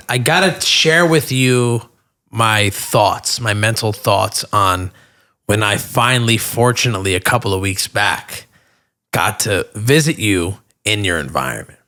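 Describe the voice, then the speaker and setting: A man hosting a casual podcast, eager and quick to gush about his guest. His voice is bright and forceful, and he asks long, winding questions. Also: fairly low pitch, lively intonation. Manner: enthusiastic, gushing reactions. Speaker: podcast host.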